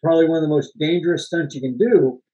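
On a muffled recording, this podcast co-host talks fast in a mellow, higher-pitched voice. He rambles through behind-the-scenes movie stories in casual chat, laughing frequently and cursing now and then.

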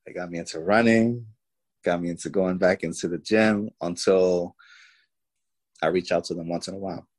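Male interview guest, lowish voice, lively storyteller. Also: moderate pace, rough recording. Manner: animated storyteller, voices people in his story.

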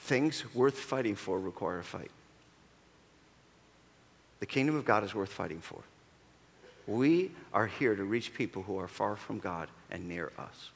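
A man's voice: fairly low pitch, expressive, measured pace, gravelly, long pauses. A man preaching a sermon as pastor, with emphatic delivery that calls for answers from the congregation, echoing in a large church auditorium. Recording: long reverb of a large hall.

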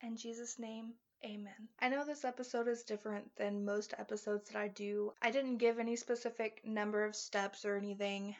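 A woman's voice: mid-range voice, fairly even intonation, a little fast, few pauses, highs cut off. A woman hosting a faith podcast, talking in an earnest, encouraging and heartfelt way, ending in prayer. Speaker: podcast host.

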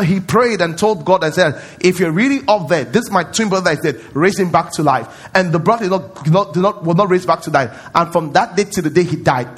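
A man's voice: high-pitched, breathy edge. A man preaching a sermon as pastor at a church service, emphatic and repetitive, often quizzing his congregation.

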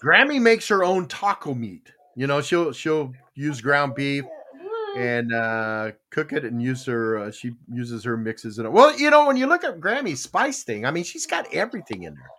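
A male morning-show co-host chats in a folksy, meandering way. His speech is full of "uh"s and restarts. His pitch rises and falls a lot. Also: sing-song, moderate pace, pushed and bright. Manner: folksy, rambling, many fillers. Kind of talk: casual morning show chat.

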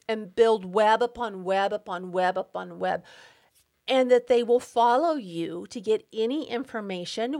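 A middle-aged woman hosting her own podcast, speaking an emphatic, indignant personal monologue and getting worked up as she talks. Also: on the high side. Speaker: podcast host.

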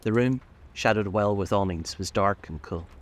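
Audiobook narrator: a man with a very deep voice, measured and deliberate. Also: a little hiss or hum. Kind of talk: scripted narration of a classic novel.

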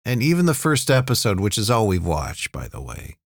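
A man with a fairly low voice that swings widely in pitch, chatting casually about television. He talks hesitantly, restarting his sentences. The sound is dry and close. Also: huge pitch swings, brisk, no room sound. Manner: hesitant, restarts often, conversational. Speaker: podcast co-host. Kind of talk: casual chat reviewing TV.

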